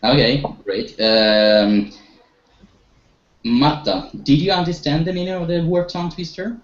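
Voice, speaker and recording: A man's voice: a little high, steady tone, a little slow. A man teaching an online group English lesson, encouraging his students and leading them with questions, with some hesitations. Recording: echoey, dull online-call audio.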